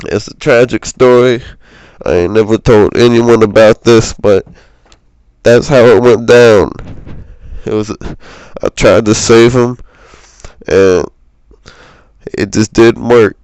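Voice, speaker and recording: A man's voice: fairly low pitch, fairly even intonation, slow, long pauses, a little mellow, clear, resonant tone, dry recording, rough recording. Rambling young man telling a wild tale. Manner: rambling, slangy, lots of swearing and fillers. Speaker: storyteller. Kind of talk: casual improvised comedic storytelling. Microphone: cheap home microphone.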